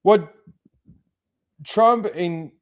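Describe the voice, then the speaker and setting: A man's voice: sits high, extremely slow. A man hosting a casual commentary show, scornful and heavy on swearing, often rising into angry rants. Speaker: commentary channel host.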